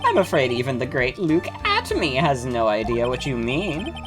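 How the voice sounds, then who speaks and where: A woman voicing a smug, theatrical male detective in a video game, with pompous drawn-out greetings. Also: a bass voice, wildly swooping pitch, music in the background, full character voice.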